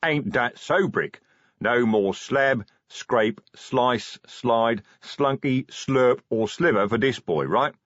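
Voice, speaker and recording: A man voicing a big, gruff male troll sergeant who growls in slow, broken grammar. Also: mid-range voice, a bit bright, no echo, highs cut off. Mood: earnest.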